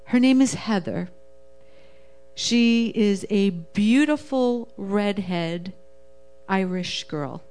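A woman's voice: medium pitch, very slow, a little mellow, clean tone, soft background music. A middle-aged woman telling a personal story in a casual, emotional, rambling way, acting out the voices of the people she quotes. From Jewish family. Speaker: guest sharing her testimony.

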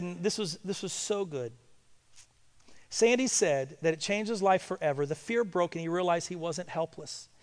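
A male pastor telling a story in a sermon and building to loud, emphatic preaching. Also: high voice, long reverb tail.

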